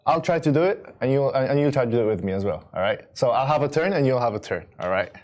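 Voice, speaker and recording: A man's voice: mid-range voice, animated, fast talker, darkish tone. A man co-hosting a casual studio chat, a bit nervous, with hesitant speech and frequent stammers and restarts. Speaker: co-host.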